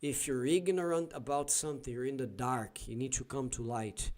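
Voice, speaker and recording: A man's voice: medium pitch, steady tone, normal speed, darkish tone. A Brazilian man with a Brazilian Portuguese accent, a Portuguese teacher hosting a casual live stream and thinking aloud with many fillers and restarts.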